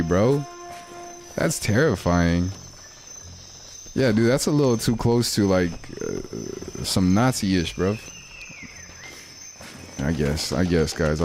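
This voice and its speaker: A man's voice: low voice, a little mellow. A young man, chatting casually and rambling in slang while livestreaming a game. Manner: slangy, rambling, laid-back. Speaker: streamer.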